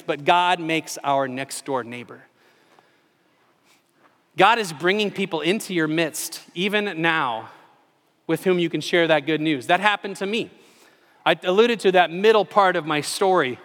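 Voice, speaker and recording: A man in his forties delivers a sermon in a church sanctuary, his fairly high voice carrying a long hall reverb. He tells stories in an animated, self-deprecating way. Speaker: pastor.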